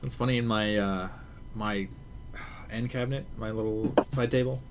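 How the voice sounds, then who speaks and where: Low-voiced man in casual podcast chat. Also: fairly even intonation, normal speed, slight background noise. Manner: rambling, hesitant restarts, chuckling. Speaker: podcast co-host.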